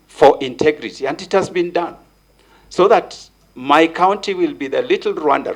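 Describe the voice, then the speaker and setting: Older Kenyan man, gravelly voice, emphatic preacher's cadence, answering a vetting committee. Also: mid-range voice, poor audio. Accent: Kenyan English. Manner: preacherly, emphatic, repeats key words. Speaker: nominee at a parliamentary vetting. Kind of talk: formal testimony before a committee.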